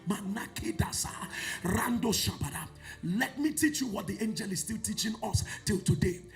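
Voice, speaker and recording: A man with a Nigerian accent preaching a sermon, swinging from loud shouts to low murmurs in a sing-song cadence. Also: lively intonation, fairly quick, gravelly. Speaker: pastor.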